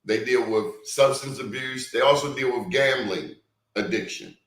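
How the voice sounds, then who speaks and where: A man's voice: medium pitch, fairly bright tone. Emphatic male host in an echoey room. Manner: emphatic, deliberate, repeats words for stress. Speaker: interview host. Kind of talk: hard-hitting interview. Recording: roomy echo.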